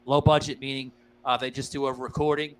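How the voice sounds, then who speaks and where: A man's voice: mid-range voice, little pitch movement, fairly quick, poor audio. Man, podcast host, casual chat, profane, loose, filler-heavy. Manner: loose, profane, laughs a lot, addresses listeners as guys.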